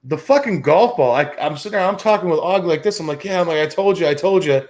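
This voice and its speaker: A fast talker with a higher-pitched, slightly mellow voice, this Chicago-area man in his thirties hosts a sports talk show. In easygoing podcast fashion, he tells rambling stories full of profanity and acts out the other voices.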